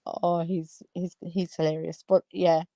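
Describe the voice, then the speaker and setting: Gravelly, chatty woman. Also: on the low side, flat delivery, measured pace, warm tone, no room sound. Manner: gossipy, exclaims and laughs often. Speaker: commentary vlogger. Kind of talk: casual chat.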